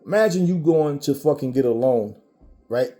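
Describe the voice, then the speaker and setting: A man's voice: on the high side, expressive, normal speed, warm tone, soft background music. A man from the Caribbean giving a blunt, profane commentary monologue, talking emphatically and swearing freely. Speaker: vlogger.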